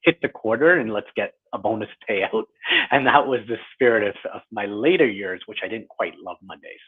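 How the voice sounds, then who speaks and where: A man in his forties speaks in a low, husky voice, reflective and a little self-deprecating as a guest in an interview. The sound is thin and tinny, like a phone line. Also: lively intonation, normal speed. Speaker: guest author. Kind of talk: conversational interview.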